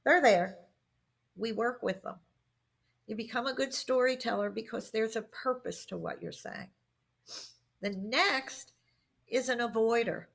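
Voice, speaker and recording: On a podcast interview, a middle-aged guest expert in workplace communication speaks in a slightly high voice with vocal fry, at a measured pace and with frequent pauses. Her workplace stories are animated, and she performs the quoted lines as she goes.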